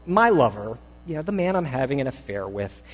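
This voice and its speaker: A man's voice: mid-range voice, very animated, brisk. A male preacher voicing a sophisticated secular woman who speaks hesitantly and earnestly, heard in a reverberant hall. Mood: eager. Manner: hesitant, confiding.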